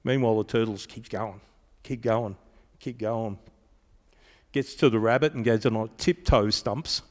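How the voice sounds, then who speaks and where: A man delivering a sermon in an animated, conversational way, telling stories to his congregation. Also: on the low side, a little slow. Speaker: preacher. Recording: reverberant hall.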